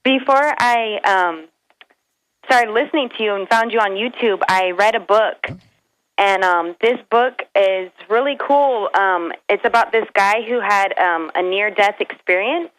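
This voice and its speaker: A woman calling into a radio show, hesitant and halting with many ums. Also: mid-range voice, fairly bright tone, dry recording, rough recording. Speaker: caller. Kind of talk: phone-in chat.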